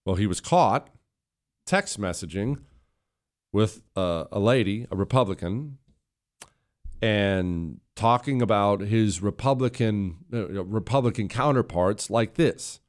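Male radio host, fairly low voice, sarcastic and combative, studio mic. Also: expressive, takes it slowly. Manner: combative, sarcastic, building to loud emphatic outbursts. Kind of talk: political talk radio monologue. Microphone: studio microphone.

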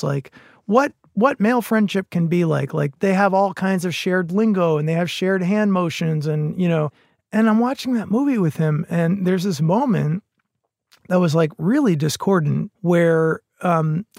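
Middle-aged male podcast guest, earnest and halting, gravelly tone, fairly high pitch, dry close sound. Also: a little mellow, no room sound. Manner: earnest, halting, many restarts. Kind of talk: casual conversation.

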